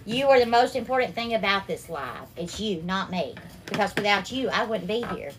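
A woman hosting a live cooking stream, warmly greeting viewers by name and calling them darling and sweetheart. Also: medium pitch, lively intonation, normal speed, a little hiss or hum. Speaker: cooking livestream host.

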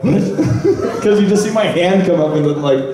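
A man's voice: high-pitched, normal speed, dark tone, far from the mic, slight background noise. A man on a convention podcast panel, bantering and laughing as he tells a story. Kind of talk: casual panel chat. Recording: echoey hall with crowd, off-mic.

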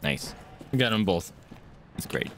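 A man's voice: lowish voice, expressive, unhurried, a bit bright, a little hiss or hum. A man streaming a game live, talking through his fights with frequent swearing, greeting viewers and chatting to his dogs. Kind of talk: live gameplay commentary.

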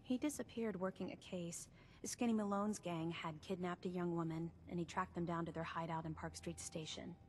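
A tired office secretary, played by a woman in a video game. She speaks low and plainly, worn down but direct. A faint noise hangs in the background. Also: steady tone, normal speed, a little mellow, natural voice. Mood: weary.

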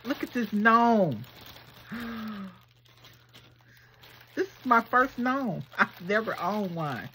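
A woman vlogger chatting casually through a gift unboxing, gushing and excitable. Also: mid-range voice, unhurried, pauses often, a little hiss or hum. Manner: gushing, excitable, talks to viewers as girl and y'all. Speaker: craft vlogger unboxing swap gifts.

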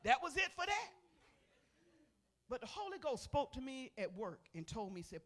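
An older woman pastor giving a testimony sermon to a congregation in a church. She talks in a folksy way, calling out to the people, and swings between loud emphatic bursts and soft murmurs. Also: high-pitched, very animated, moderate pace. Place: church sanctuary.

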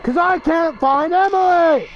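High-pitched shouty young gamer guy. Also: measured pace, dull audio, crowd noise. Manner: loud, profane, excitable yelling. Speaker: gaming video host. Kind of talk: horror game let's play commentary.

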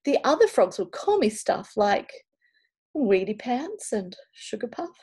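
A woman's voice: on the high side, sing-song, a little slow, darkish tone, slightly rough, heavily acted. A woman voicing a small, brave, overeager male frog knight in a storybook reading. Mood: wailing.

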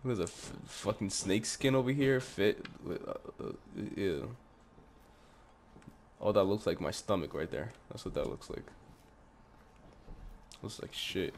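A man's voice: low voice, slow pace, long pauses, a little hiss or hum. A man giving loose, profane commentary as he plays a horror game, jumping at scares and talking back to what he sees on screen. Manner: profane, jumpy reactions, talks back to the game. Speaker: gameplay commentator. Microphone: headphones on, desk mic.

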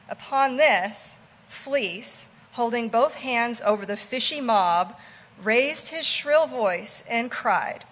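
A woman reading a classic novel aloud in a measured, plain narrating voice. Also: a little high, a bit bright, in a large hall. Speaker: reader.

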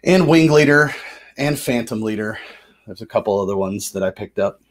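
A man's voice: on the low side, animated, moderate pace. A man hosting a board game session, explaining the rules casually, loose and chatty, with fillers and self-corrections.

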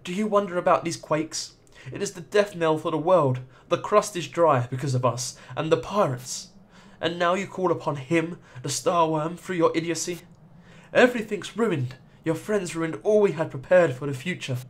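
A man's voice: a little high, moderate pace, natural voice. A man reading as a stern regal matriarch. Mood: scolding. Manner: cold, scolding, self-righteous.

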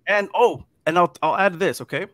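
A man telling a ghost story in casual chat, animated and dropping to hushed tones at the scary parts. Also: high voice, moderate pace, no room sound. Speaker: guest storyteller.

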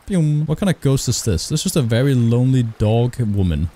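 A man's voice: medium pitch, expressive, a little fast, dark tone. A man doing let's play commentary on a horror game, reading its dialogue aloud and swearing back at its characters. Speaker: gaming YouTuber.

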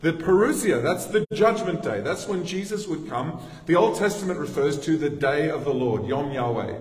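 An Australian pastor delivers a conversational sermon and talks directly to his congregation. His voice sits a little high for a man. He is recorded from across a large church, so the sound is roomy, with a long echo. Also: animated, moderate pace. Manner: conversational preaching with asides and laughter. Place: church sanctuary. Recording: echoey church hall, distant mic.

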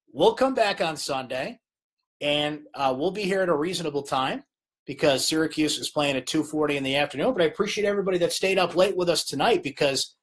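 A middle-aged man hosts a live late-night sports chat. His husky voice jumps up and down in pitch as he rants, clearly exasperated with the broadcast commentary, before easing into his sign-off. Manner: exasperated, ranting, animated. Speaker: sports show host.

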